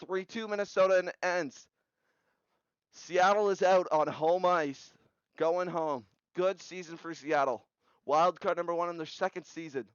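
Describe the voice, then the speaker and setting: A young man with a fairly high, smooth voice recaps simulated hockey playoffs, firing off scores in short bursts. The sound is close and dry, slightly dull and lo-fi. His energy jumps at big goals. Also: measured pace, dry recording. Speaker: video game simulation commentator. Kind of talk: play-by-play recap commentary.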